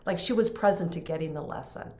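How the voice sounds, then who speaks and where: Middle-aged female guest, low register, heartfelt and rambling. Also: quick pace, darkish tone. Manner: earnest, emotional, restarts often. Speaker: podcast guest. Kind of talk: conversational storytelling.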